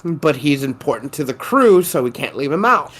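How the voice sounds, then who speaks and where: A man co-hosting a casual podcast chat, excitable and rambling, laughing often and swearing freely. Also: fairly high pitch, moderate pace. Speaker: podcast co-host.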